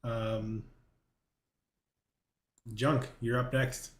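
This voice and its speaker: Casting: relaxed tabletop game master, mid pitch, roomy echoey recording. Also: very slow. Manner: relaxed, calls turns and rulings.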